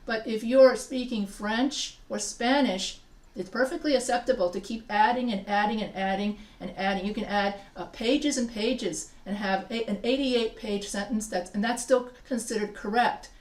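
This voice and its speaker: A woman's voice: a little high, moderate pace. A woman teaching a writing class, talking casually with many restarts and often checking in with her students. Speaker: writing instructor. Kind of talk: live class lecture. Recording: echoey room, voice from far off.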